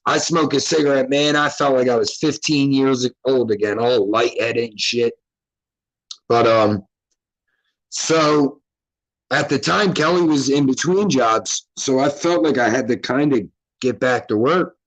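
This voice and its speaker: A man hosts his own show and tells a long personal story in a casual, rambling way. He curses freely and breaks off his sentences to start again. His voice sits at an ordinary middle pitch for a man. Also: unhurried, rough recording. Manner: loose, rambling, profane and self-interrupting. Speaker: podcast host.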